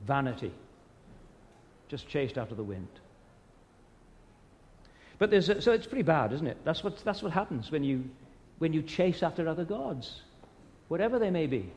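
Male preacher, high-pitched, asks rhetorical questions, recorded with long hall reverb. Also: big pitch swings, moderate pace, pauses often, darkish tone. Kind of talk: sermon.

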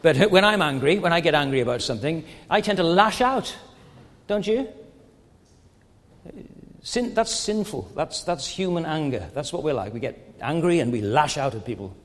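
High-voiced preacher in a reverberant hall. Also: male voice, expressive, moderate pace. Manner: earnest, many rhetorical questions and stammered restarts. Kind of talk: sermon.

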